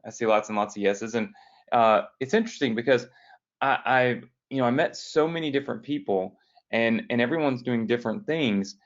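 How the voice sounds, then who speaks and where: Hoarse, sick man hosting a live webinar. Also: mid-range voice, highs cut off. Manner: chatty and upbeat, addresses viewers directly and asks them for a yes. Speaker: online business coach hosting a weekly training. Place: hotel room.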